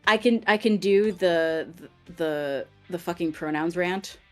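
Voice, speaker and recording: A woman chatting casually on a stream, teasing and joking, with halting restarts, on a headset microphone. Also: fairly low pitch, a little mellow, faint music behind. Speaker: streamer's guest. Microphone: headset mic with headphones.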